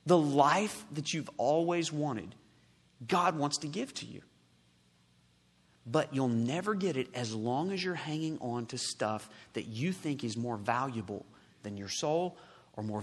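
A man preaching a sermon as pastor, swelling to loud emphatic peaks and dropping to hushed, slow endings. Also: mid-range voice, slightly rough. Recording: long reverb in a large hall.

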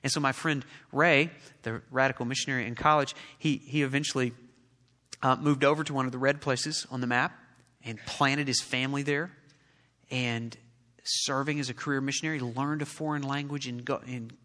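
A man's voice: medium pitch, steady tone, normal speed, sharp tone. A man preaching a sermon as pastor, building his delivery to emphatic peaks. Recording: long reverb of a large hall.

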